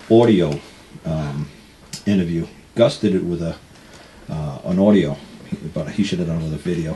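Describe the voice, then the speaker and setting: Deep-voiced man telling rambling stories. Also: dark tone, a little hiss or hum. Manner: rambling, acts out other people's lines, laughs often. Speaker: radio show host. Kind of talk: casual storytelling.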